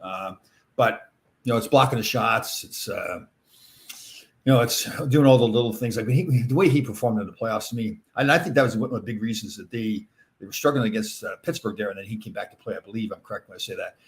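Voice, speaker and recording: A man's voice: fairly low pitch, brisk. A middle-aged man hosting a podcast, chatting casually and answering listener questions, rambling with lots of fillers and laughing often. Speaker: podcast host.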